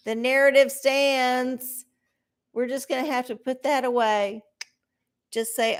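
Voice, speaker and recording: Middle-aged lady doing oracle readings live, sweary sarcastic rambling, slowish. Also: on the high side. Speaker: live-stream oracle reader. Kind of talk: casual live-stream chat.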